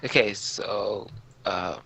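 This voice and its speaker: A man's voice: on the low side, slow pace, creaky, pushed and bright, breathy edge. A man playing a tabletop game, hesitant and unsure as he asks about his move. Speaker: player.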